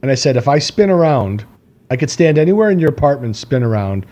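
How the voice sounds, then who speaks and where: Rambling Midwestern man with a mellow voice. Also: mid-range voice, very animated, brisk. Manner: rambling storyteller, laughs a lot. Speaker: podcast co-host. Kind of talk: casual chat.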